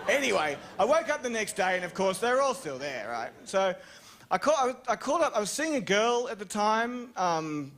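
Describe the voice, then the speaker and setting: A man's voice: big pitch swings, normal speed, fairly bright tone, a faint crowd, a little hiss or hum. A young Australian man telling a rambling, self-mocking story on stage as a stand-up comedian. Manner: rambling, self-mocking storytelling with sudden high-pitched jumps.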